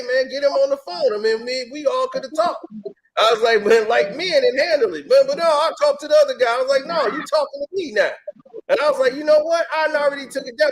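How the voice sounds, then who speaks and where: A man telling stories in casual chat, acting out quotes in shifting voices and laughing often. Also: extremely high pitch. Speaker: podcast guest telling stories.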